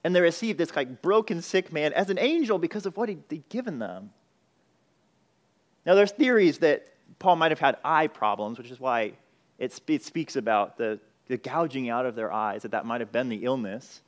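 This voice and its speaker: Earnest higher-voiced male preacher. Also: expressive, moderate pace. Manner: earnest conversational preaching with rhetorical questions; frequent restarts and repeated words. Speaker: pastor. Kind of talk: sermon.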